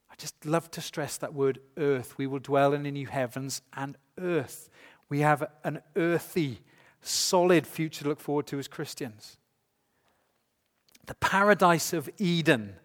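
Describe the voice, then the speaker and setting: A man preaching a sermon to a congregation, emphatic and full of rhetorical questions. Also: on the high side. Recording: long hall reverb.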